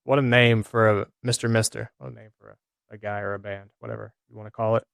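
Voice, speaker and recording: A man's voice: on the low side, steady tone, fast talker, gravelly, fairly bright tone, dry recording, studio quality. An American man in his thirties, co-hosting a casual sports chat in a loose, rambling way with lots of fillers. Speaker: co-host, former player.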